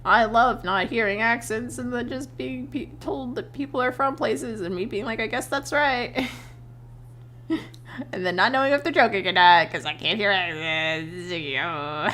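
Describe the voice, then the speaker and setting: A young adult woman streamer chatting casually while she draws, telling animated stories, laughing often and swearing freely. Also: fairly low pitch, measured pace, slight background noise. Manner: animated storytelling with voiced quotes.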